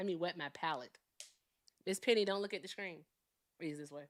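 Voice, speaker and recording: A woman hosting a casual live stream, animated and laughing often while talking to her chat. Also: medium pitch, quick pace, no room sound, clean studio sound. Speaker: livestream host.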